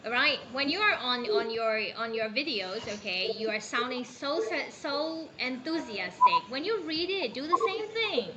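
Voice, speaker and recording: A woman's voice: a little high, lively intonation, normal speed, few pauses, crowd noise. A Burmese-accented woman teaching an online English class, coaxing and encouraging her students over a video call. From Myanmar. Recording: muffled call audio with background noise.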